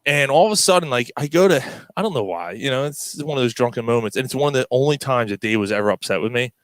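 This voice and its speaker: With no room sound around him, a man hosting a podcast spins a story at a quick pace in casual chat. He's animated, performing the quoted lines with sudden pitch jumps.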